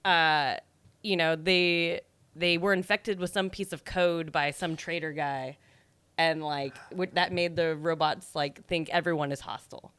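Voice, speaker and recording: A woman's voice: low-pitched, fairly even intonation, measured pace, fairly bright tone, clear, resonant tone, dry recording. A woman co-hosting a casual video game podcast, chatty and peppering her talk with "like". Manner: chatty, fills speech with "like". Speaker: podcast co-host. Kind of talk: casual chat about video games.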